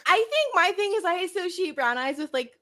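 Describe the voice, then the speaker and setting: Bright, animated female co-host from the US, casual and giggly. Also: very high voice, brisk. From United States. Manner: chatty, laughs often, animated. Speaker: podcast co-host. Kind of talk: casual live-stream chat.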